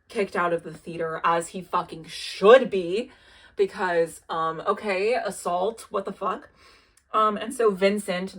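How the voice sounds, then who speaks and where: A woman's voice: lowish voice, a bit bright. A young woman casually recapping a TV plot, chatty and sardonic, with lots of filler words and swearing. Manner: chatty, frequent filler "like", profane and sardonic asides. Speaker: TV recap video maker.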